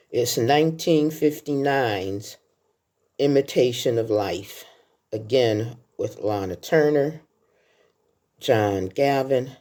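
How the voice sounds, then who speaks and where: Her bass voice has a warm tone. A woman in her sixties who vlogs about film, she casually counts down her favorite movies, chatty throughout and telling heartfelt stories.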